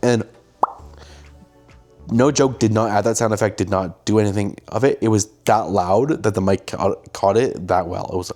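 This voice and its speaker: Animated young man telling a story. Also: fairly low pitch, moderate pace, faint music behind. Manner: animated, acts out quoted lines. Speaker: host, filmmaker. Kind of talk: casual storytelling monologue.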